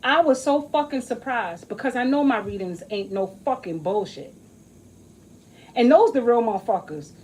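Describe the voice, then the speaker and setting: A woman's voice: on the high side, lively intonation, moderate pace, darkish tone, low-quality recording. A woman talking straight to camera in a casual vlog about an astrology reading, swearing often, emphatic and joking as she rambles.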